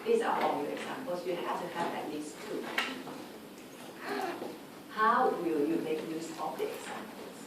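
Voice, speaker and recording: A woman's voice: low-pitched, expressive. A woman tutor giving an informal exam revision lecture, often checking in with her students through tag questions. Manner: chatty, lists examples briskly. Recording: echoey room recorded from far off with background noise.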